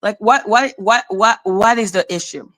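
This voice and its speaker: A woman from Haiti whose first language is French rants live on a stream. Her voice sits at an ordinary middle pitch. She lectures and swears, circling back to the same points with growing exasperation. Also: normal speed, fairly bright tone. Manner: exasperated, profane, repetitive, lecturing. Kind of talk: heated casual rant.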